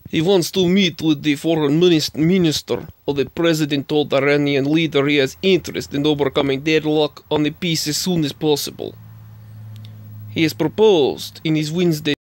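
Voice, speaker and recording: A man voicing a male Russian official in a put-on Russian accent, halting and stumbling over words. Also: a little high, steady tone, natural voice. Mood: formal.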